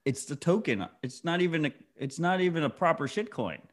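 A man's voice: fairly high pitch, lively intonation, fairly quick. A man in his thirties co-hosting a podcast, blunt and heated, swearing often in casual chat. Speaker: podcast co-host.

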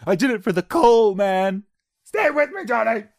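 Guy hamming up a frantic yelling melodrama hero, way high and loud, dry close sound. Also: sing-song, moderate pace, no room sound. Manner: hammy, desperate, yelling. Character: frantic shrieking worker in a melodrama.

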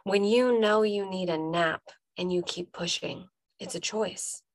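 A woman's voice: lowish voice, measured pace, no room sound. Woman life coach pumping up her listeners, punchy repeated lines, dry sound. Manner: emphatic, repeats punchy phrases, talks straight to the listener. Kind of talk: motivational podcast monologue.

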